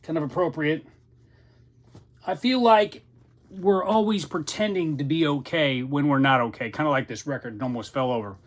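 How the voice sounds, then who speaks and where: A man's voice: fairly high pitch, normal speed. A middle-aged man hosting his own channel, talking candidly and a little out of breath, often restarting and repeating words. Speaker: podcast host living with Parkinson's. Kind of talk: casual personal vlog talk.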